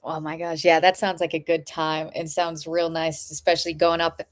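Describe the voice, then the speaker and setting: A woman who is a podcast guest and runner, chatting playfully with frequent laughter and quick asides. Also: deep voice, flat delivery. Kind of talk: casual chat.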